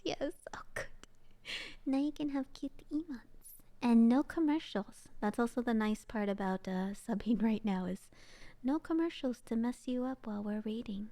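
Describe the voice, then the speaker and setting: A young woman streamer who reads short stories aloud in a soft, often whispered voice and chats between them with frequent giggles. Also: on the high side. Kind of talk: soft whispered story reading and chat.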